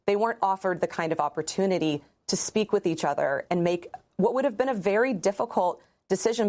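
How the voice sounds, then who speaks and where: A woman's voice: on the low side, a little mellow. A woman lawyer speaking in a news interview clip, earnest and firm, pressing her points by repeating them.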